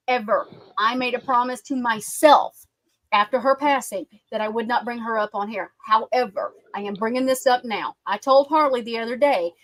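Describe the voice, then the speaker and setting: A woman's voice: fairly high pitch, no echo, low-quality recording. A woman with a Southern US accent hosting a livestream, talking bluntly with heated profanity. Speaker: livestream host. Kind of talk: casual heated livestream chat.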